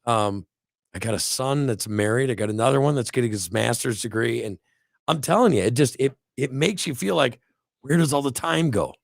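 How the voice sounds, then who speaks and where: A man's voice: mid-range voice, brisk, gravelly, dry recording, clean studio sound. A middle-aged man co-hosting a casual talk show, rambling and preachy, acting out little quotes as he goes. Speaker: podcast co-host. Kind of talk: casual motivational chat.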